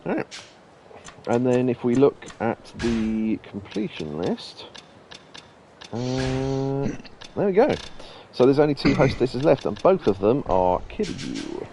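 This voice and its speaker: A man casually commentating his gameplay, rambling through anecdotes and laughing at his own stories. His voice is mellow and dark-toned at a mid pitch. A faint hiss sits under the desk microphone. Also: sing-song, slow, vocal fry. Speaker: let's play host.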